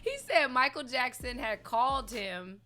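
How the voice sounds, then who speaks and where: A woman's voice: a little high, expressive, unhurried, bright, forceful tone. A woman co-hosting a casual talk show, chatty and telling stories. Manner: storytelling, chatty. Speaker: co-host. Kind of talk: casual chat.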